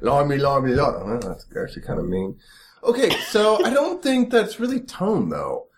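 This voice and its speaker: A man with a Midwestern American accent co-hosting a comedy podcast, talking in a teasing, animated way and constantly cutting in. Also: mid-range voice, moderate pace, gravelly, a little hiss or hum. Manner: animated, teasing, keeps interrupting. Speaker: podcast co-host. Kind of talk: casual comedic chat.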